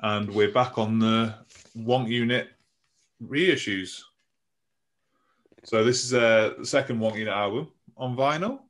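A man's voice: mid-range voice, a little slow, pauses often, fairly bright tone. A man co-hosting a podcast, steering the talk along in a dry, casual way. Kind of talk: casual chat.

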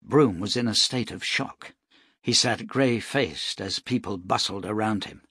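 A man narrates an audiobook with steady, measured pacing. His voice is somewhat low and husky. It is a dry, close recording with no room sound. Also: dry recording.

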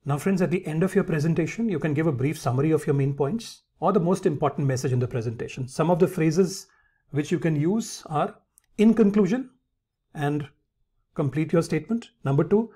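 A man's voice: on the high side, warm tone, husky. A man teaching English phrases in an instructional lesson, calling his viewers friends and reading example sentences aloud.

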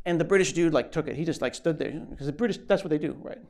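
Brief: a lively man on stage delivering a funny tech keynote, a touch higher-pitched, acting out the bits. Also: fast talker, few pauses. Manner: animated, joking, acts out voices. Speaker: keynote speaker. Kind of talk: comic conference keynote. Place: conference stage before an audience.

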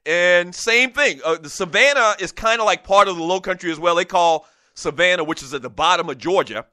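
Animated high-voiced talk show host. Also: male voice, no room sound, clean studio sound. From South Carolina Lowcountry. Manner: animated, rambling, with many fillers. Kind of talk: solo radio talk monologue.

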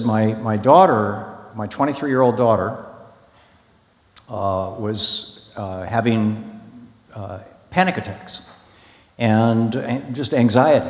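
A man telling a story to an audience in a conversational, emphatic way, with many restarts and fillers. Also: fairly low pitch. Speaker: speaker at a public talk. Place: large hall. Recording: echoey hall.

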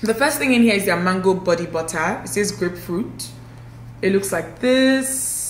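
A woman's voice: medium pitch, animated, normal speed, echoey room, a little hiss or hum. A young woman, chatting effusively to viewers as she unboxes a haul at home. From Nigeria. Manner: effusive, exclaiming and addressing viewers as guys. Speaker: vlogger. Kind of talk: casual haul vlog.

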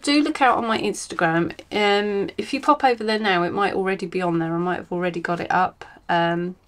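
A woman hosting a crafting podcast from home, chatting casually and rambling, with many ums and self-corrections. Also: lowish voice. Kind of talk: casual chat.

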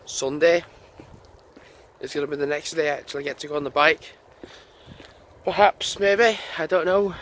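A man, vlogging casually and rambling aloud as he walks outdoors. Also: a little high. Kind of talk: casual walking vlog chat. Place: outdoors on a lane by a busy road. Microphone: handheld camera while walking. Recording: wind and traffic noise outdoors.

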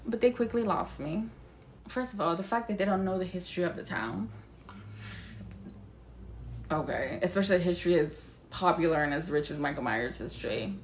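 A young woman chatting casually about a film, animated and incredulous, swearing freely as she talks. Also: lowish voice, brisk, long pauses, a little hiss or hum. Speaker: vlogger reviewing a film. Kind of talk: casual reaction chat.

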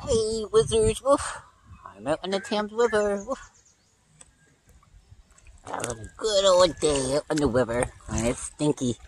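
A man's voice: high voice, big pitch swings, normal speed, few pauses, rough recording. A man filming a casual outdoor vlog from a kayak on a river on his phone, sprinkling his talk with playful barks. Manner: punctuates speech with playful "woof" barks. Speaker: vlogger. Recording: faint background noise outdoors.

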